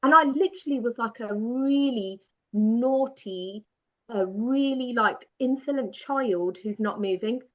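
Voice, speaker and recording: A woman guest telling a personal story in a lively, self-mocking way, often laughing as she goes. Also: fairly high pitch, a little slow. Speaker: podcast guest. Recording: dull lo-fi sound.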